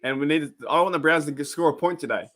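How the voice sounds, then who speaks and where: Excitable Australian man chatting. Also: fairly high pitch, quick pace. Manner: rambling, excitable, reacts to game play. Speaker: sports stream host. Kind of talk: casual live reaction chat.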